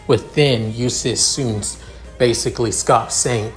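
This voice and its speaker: A man narrating a fan fiction story in a halting way, with repeated connectives. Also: mid-range voice, steady tone, faint music behind. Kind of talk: story reading.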